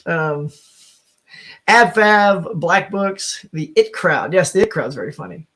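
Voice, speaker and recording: A man's voice: high-pitched, slow, sharp tone. A middle-aged man hosting a casual live stream, chatting with viewers, laughing often and thinking aloud with many restarts. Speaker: host.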